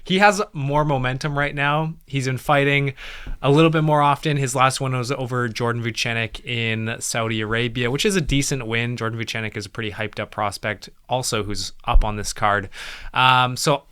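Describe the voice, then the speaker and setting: Bright, smooth young guy co-hosting a chat. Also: mid-range voice, normal speed. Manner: relaxed, joking, laughs often. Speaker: co-host. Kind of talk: casual fight-prediction chat.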